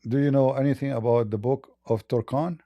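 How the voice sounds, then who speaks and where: A man hosting a live call-in debate, speaking haltingly with repeated words and blunt, probing questions. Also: mid-range voice, fairly even intonation, dry recording, muffled recording. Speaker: debate host.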